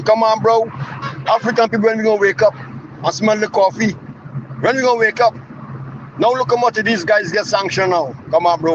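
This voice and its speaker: A man's voice: high-pitched, lo-fi sound, noisy background. A man with a Guyanese accent, calling in and fiercely urging listeners with repeated appeals. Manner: fiery, repetitive, urging. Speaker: caller. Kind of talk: angry political call-in rant.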